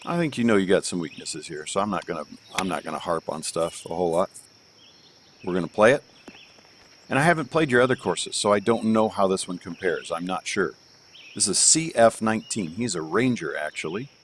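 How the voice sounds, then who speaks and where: A man's voice: low-pitched, lively intonation, brisk, slight background noise. A man streaming live, reviewing golf courses in a rambling, joking way from home and thinking aloud with plenty of fillers. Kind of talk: casual live game commentary.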